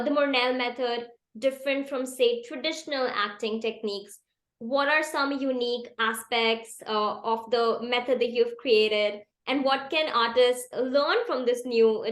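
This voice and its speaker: A woman moderator with a fairly high voice who asks long, searching questions. The sound is roomy and echoey. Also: a bit bright. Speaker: panel moderator. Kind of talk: interview questions. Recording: roomy echo.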